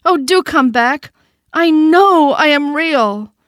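Lady putting on a tiny velveteen toy bunny, high and pleading, eager to be real, storybook voice. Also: lively intonation, normal speed, fairly bright tone, dry recording, studio quality. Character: small shy velveteen toy rabbit, male, longing to be real. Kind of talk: storybook reading.

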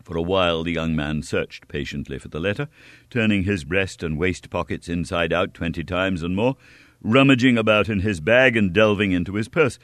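A man giving a lively, expressive scripted audiobook narration of an adventure story. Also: sits low, moderate pace, dry recording.

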